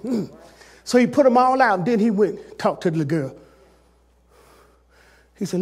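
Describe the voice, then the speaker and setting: A man preaching a sermon as pastor, calling out to the congregation and swinging between loud shouts and hushed, quiet passages. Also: high voice, animated, normal speed, pauses often, slightly rough.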